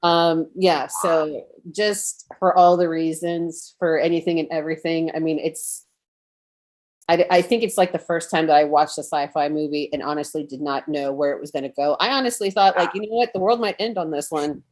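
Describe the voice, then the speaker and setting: A woman's voice: low-pitched, steady tone, normal speed, a little mellow. A woman talking as a guest on a casual panel chat, gushing and rambling with lots of fillers.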